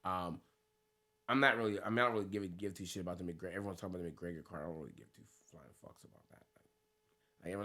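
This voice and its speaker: Bright-voiced laid-back American man. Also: on the low side, fast. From United States. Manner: loose, laughing, swearing banter. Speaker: podcast co-host, fighter. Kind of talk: casual podcast chat.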